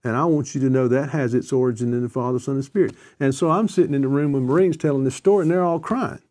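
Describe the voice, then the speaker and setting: A man speaks at a middling pitch with a mellow, warm tone. He talks in a conversational discussion, telling earnest stories and circling back to key phrases for emphasis. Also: quick pace. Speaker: discussion guest.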